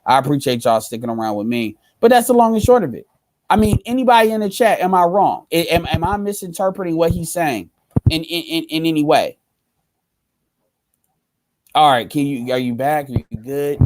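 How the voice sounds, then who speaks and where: Brief: man, slightly high voice, blunt and profane streamer, faint hiss behind. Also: expressive, moderate pace, darkish tone, low-quality recording. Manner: blunt, profane, repeats himself. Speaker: livestream host. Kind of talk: casual livestream talk.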